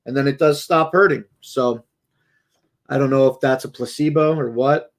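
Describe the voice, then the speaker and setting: A man's voice: mid-range voice, steady tone, normal speed. A man hosting a casual livestream at home, joking and swearing loosely. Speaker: livestream host.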